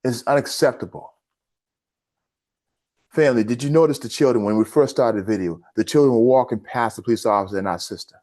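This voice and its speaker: A man's voice: mid-range voice, brisk, a little mellow. Indignant male commentary host. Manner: indignant, addresses listeners as family. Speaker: host of a news commentary channel. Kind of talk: impassioned commentary addressing viewers.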